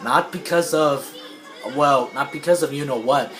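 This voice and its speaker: This man's voice is medium in pitch, fairly bright, and a little slow as he recaps a movie plot over game music while playing. He rambles casually, restarting often, leaning on fillers, and clearing his throat.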